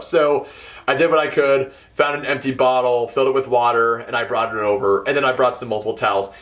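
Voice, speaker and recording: A young man telling a work story in a casual ranting vlog, swearing freely and swinging between mumbled asides and loud outbursts. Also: medium pitch, quick pace. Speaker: hotel event setup worker.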